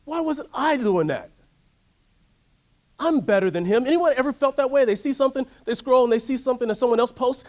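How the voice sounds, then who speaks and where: A man giving a motivational workshop talk, telling a story in an animated way and asking the audience to join in. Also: very high-pitched, a little fast. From United States. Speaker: workshop speaker. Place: workshop room.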